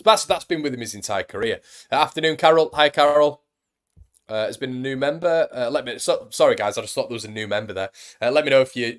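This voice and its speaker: Calling his viewers mate and buddy, a young football fan channel host chats casually on his live stream and reads out their comments. His voice is on the low side with a fairly bright tone.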